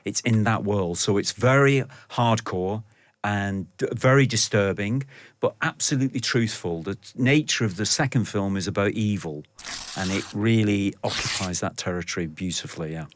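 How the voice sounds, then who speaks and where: A man's voice: lowish voice, normal speed, no room sound. Reflective man, dry studio sound. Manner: expansive, reflective storytelling. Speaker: film director guest. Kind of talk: radio interview.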